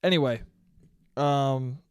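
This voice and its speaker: A man's voice: mid-range voice, slow pace, clear, resonant tone, no room sound. A young man hosting a casual solo podcast, rambling in a profane, jokey way. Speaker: podcast host.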